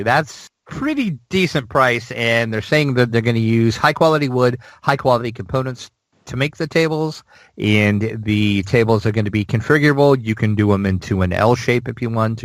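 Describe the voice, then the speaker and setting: A man's voice: medium pitch, a bit bright, no echo, poor audio. A man co-hosting a gaming news podcast, chatting casually and rambling with plenty of fillers. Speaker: podcast co-host.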